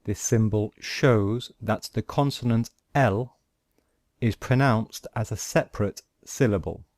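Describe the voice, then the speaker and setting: A man teaching pronunciation, patiently explaining phonetic symbols and modelling each sound slowly. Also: on the low side, darkish tone, no room sound, studio quality. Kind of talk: slow, deliberate lesson explaining phonetic symbols.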